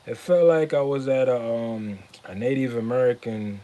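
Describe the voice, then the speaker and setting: A man's voice: medium pitch, normal speed, background noise. A man hosting a podcast, casually recounting a personal story with loose, rambling phrasing. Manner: relaxed, rambling, with many fillers like "you know what I'm saying". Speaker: podcast host.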